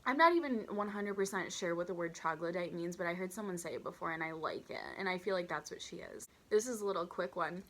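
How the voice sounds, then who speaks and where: A woman with a slightly low voice tells waitressing stories in a casual vlog. She sounds animated and incredulous, with dramatic emphasis and a steady stream of "like.". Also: fast, few pauses. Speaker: vlogger telling stories from her waitressing days. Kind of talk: storytime vlog.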